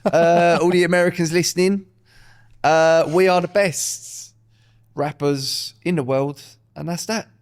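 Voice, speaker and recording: A man's voice: on the high side, steady tone, unhurried. A man co-hosting a podcast, bantering casually and swearing as he mocks people in put-on voices. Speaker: podcast co-host. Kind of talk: casual chat.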